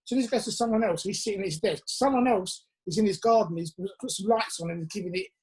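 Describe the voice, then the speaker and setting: A man from England, a musician guest, telling chatty anecdotes with quick asides over a video call from his home. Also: high-pitched, darkish tone. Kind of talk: casual interview chat.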